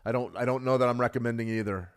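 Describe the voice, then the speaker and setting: A middle-aged man hosting a live trading stream, talking fast and joking with viewers while he reads the chat. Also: mid-range voice, clean tone. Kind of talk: live market analysis, reading chat.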